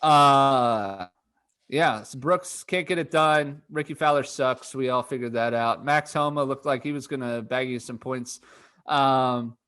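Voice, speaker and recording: A man's voice: mid-range voice, a little slow, fairly bright tone, clear, resonant tone. Golf podcast co-host, man, casual and chatty, restarts often, laughs easily. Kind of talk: casual chat.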